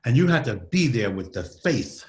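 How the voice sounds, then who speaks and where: A man giving a motivational talk in an interview, speaking in a dynamic, preacher-like way that swings between loud and soft. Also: mid-range voice, very animated, moderate pace. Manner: dynamic, preacher-like delivery with sweeping shifts in loudness.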